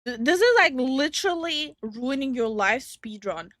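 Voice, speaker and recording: A woman's voice: high-pitched, lively intonation, moderate pace, a bit bright, no room sound, studio quality. A young woman chatting casually on a stream, giggly and teasing. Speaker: streamer and co-host.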